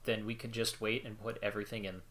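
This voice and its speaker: A man plays a tabletop game in an easygoing way, thinking his plans out aloud. His voice sits on the low side. A faint background hiss runs under it. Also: little pitch movement, quick pace, fairly bright tone. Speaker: player. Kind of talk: casual tabletop play.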